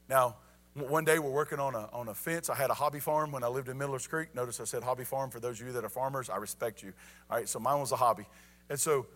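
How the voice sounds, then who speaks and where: A man's voice: medium pitch, fairly bright tone. A middle-aged man, preaching a sermon with repeated call-outs and rising emphasis. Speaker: pastor.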